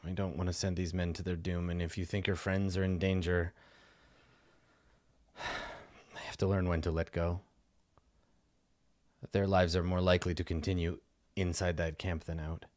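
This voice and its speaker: A stern, grim woman who leads a jungle camp, as a man puts her on at the table. She speaks low and measured in a sober, deep-set tone. The sound is close and dry. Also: little pitch movement, a little mellow, no echo, natural voice. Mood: grave.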